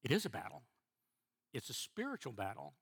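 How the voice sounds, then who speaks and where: A middle-aged man, a church elder, preaching a sermon in a halting way, repeating words and restarting before stressing key phrases. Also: mid-range voice, huge pitch swings, gravelly, a bit bright, breathy edge.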